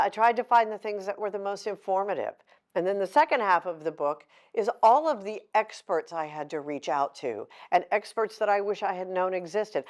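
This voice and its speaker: A middle-aged woman author giving a candid, heartfelt talk to an audience, mixing emotion with self-deprecating humor. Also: mid-range voice. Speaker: author at a book signing.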